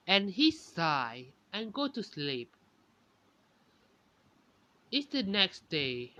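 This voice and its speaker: A woman's voice: lowish voice, sing-song, takes it slowly, long pauses, sharp tone. A woman improvising a fan story aloud, hesitant and often stopping to correct herself mid-sentence. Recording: dull lo-fi recording.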